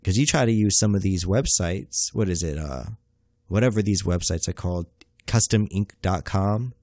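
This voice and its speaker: A man's voice: deep voice, normal speed, a little mellow, no echo. Profane, rambling young man. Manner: profane, rambling, self-mocking, slangy. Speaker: podcast host. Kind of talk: casual comedic monologue.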